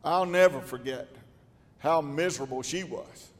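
An older pastor preaching a storytelling sermon in a folksy drawl, his voice sitting a little high and swelling into shouts. It rings in a long church reverb. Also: moderate pace.

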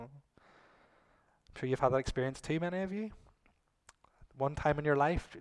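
Man, middle-aged, preacher, sermon, animated, loud emphatic lines and soft asides. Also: medium pitch, normal speed.

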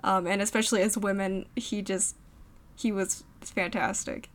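A woman's voice: medium pitch, steady tone, normal speed, slight background noise. A woman co-hosting a casual podcast, chatting about comedy sketches, laughing often and trailing off with ums. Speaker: podcast co-host.

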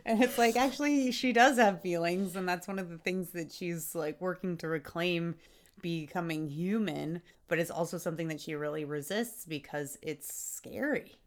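Animated woman co-hosting a podcast. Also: lowish voice, normal speed. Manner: animated, acts out quotes, laughs often. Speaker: podcast co-host. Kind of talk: casual podcast chat.

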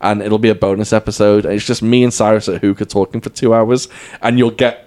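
A British man hosting a casual podcast, telling jokey stories with deadpan asides. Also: lowish voice, quick pace. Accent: British English. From England. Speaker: podcast host.

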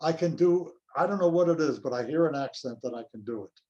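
An older male actor reminiscing in an interview, telling anecdotes in an unhurried way. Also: a little high, lively intonation, a little mellow, muffled recording. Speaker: actor guest.

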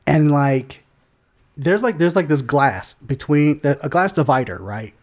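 A man co-hosting a laid-back podcast, telling a story with a lively, swooping voice that rides a little high for a guy. He swears freely, laughs a lot and slips into other people's voices as he goes. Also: a little slow. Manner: animated, profane, laughs often, acts out other voices. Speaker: podcast co-host. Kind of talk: casual storytelling chat.

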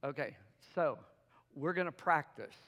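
High-pitched pastor guy preaching slow, keeps getting the crowd to answer back, laughs a lot, big echoey church. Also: animated, bright, forceful tone. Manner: call-and-response, coaxing the congregation; laughs often, playful. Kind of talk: sermon. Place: church sanctuary. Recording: long hall reverb.

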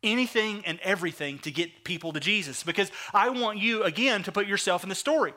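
Animated preacher with a bright, high voice. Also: male voice. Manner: animated storytelling, acting out the characters in quick asides. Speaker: pastor. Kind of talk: sermon.

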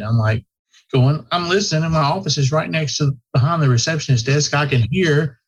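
Man, vet clinic owner, rambling storyteller, husky tone. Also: on the high side, a little fast. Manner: folksy, rambling, with many restarts. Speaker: veterinary practice owner, podcast guest. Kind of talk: casual storytelling chat. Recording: slightly muffled lo-fi audio.

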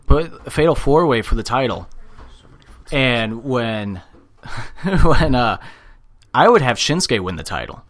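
A man co-hosting a casual podcast, talking loosely with swearing and quick mock impressions. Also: mid-range voice, very animated, a bit bright. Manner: loose, profane, does mock voices. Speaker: podcast co-host. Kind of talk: casual wrestling podcast chat.

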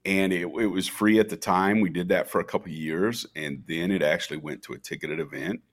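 Very deep voice, middle-aged man, animated storyteller, podcast interview guest. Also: a little fast. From Minnesota, USA. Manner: animated storyteller, acts out quoted dialogue. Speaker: festival founder, podcast guest.

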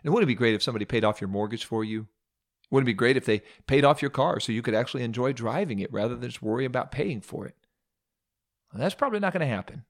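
A man's voice: mid-range voice, animated, quick pace. Male preacher, dramatic sermon storyteller with wry asides.

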